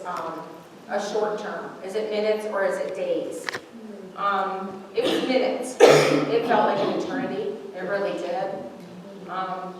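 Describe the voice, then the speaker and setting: Mom telling her son's story at church, emotional, rambly, far mic, echoey with background noise. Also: medium pitch. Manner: warm, emotional, talkative storytelling. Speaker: mother of the speaker. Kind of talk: casual testimony in a church service. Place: large church sanctuary.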